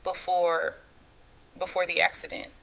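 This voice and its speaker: A woman reading the lines of a frail, shy young girl in a storybook tale, speaking weakly and softly. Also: on the low side, monotone, a little slow, gravelly, heavily acted, poor audio. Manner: weak, soft and shy.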